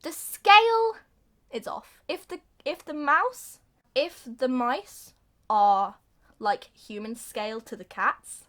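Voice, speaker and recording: Giggly young woman, fairly high voice. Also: fairly bright tone. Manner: giggly, breathless retelling with sung bits and quick voice changes. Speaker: film reviewer. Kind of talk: casual comedic review.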